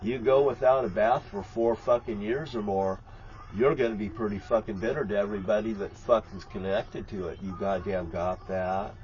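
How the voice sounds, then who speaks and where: A man's voice: on the low side, fairly even intonation, moderate pace, a little mellow, highs cut off. A man, talking to the camera from his RV in a bitter, profane, rambling rant. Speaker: vlogger. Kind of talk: rambling angry vlog monologue. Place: inside an RV lit by candles.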